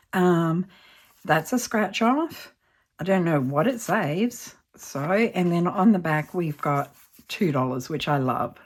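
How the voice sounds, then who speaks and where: A woman's voice: fairly low pitch, darkish tone. A woman with an Australian accent chatting casually in a vlog as she opens mail, gushing and easily moved. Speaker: budgeting channel host. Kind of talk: casual vlog chat while opening mail.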